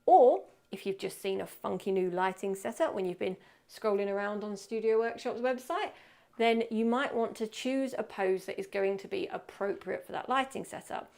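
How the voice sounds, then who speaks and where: A woman with a mid-range, creaky, slightly mellow voice at normal speed tutors a photography workshop in a photo studio. She's chatty and casual as she teaches portrait posing, demonstrating each pose while she explains it.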